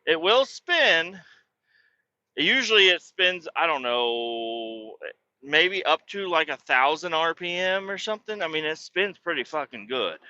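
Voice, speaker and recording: A man's voice: on the high side, very animated, unhurried, pushed and bright, highs cut off. A man, a truck driver hosting his own podcast, ranting casually and profanely about his day. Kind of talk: casual rambling monologue.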